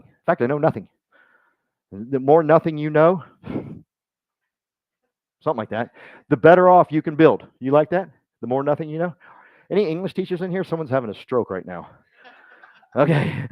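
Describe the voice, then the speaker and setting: This male speaker at a business meeting has a slightly high voice, heard in dull audio with no room sound. His motivational talk is loose and jokey, full of rambling, self-mockery, and impressions of the people he quotes.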